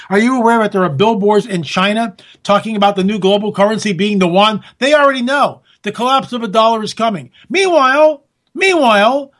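A man hosting a political talk radio show, ranting and sarcastic, talking straight to his listeners. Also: sits high. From California.

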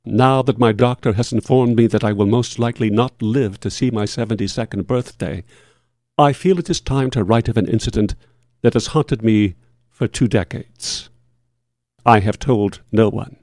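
A man reading a first-person horror tale as scripted narration, with a measured, solemn and formal delivery. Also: lowish voice, darkish tone, dry recording, clean studio sound.

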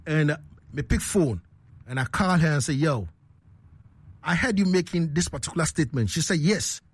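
This casual radio show's host, a man with a Ghanaian accent, is lively and laughs a lot as he reads listener messages, often adding "you understand me." His voice is fairly high and husky at a moderate pace, with no room sound.

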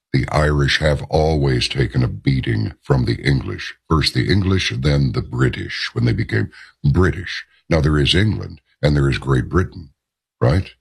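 A man with a very deep, gravelly voice holds forth as a radio talk host. His delivery is emphatic and rambling, with asides and rhetorical questions, and the tone stays husky throughout. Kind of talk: opinionated talk radio monologue.

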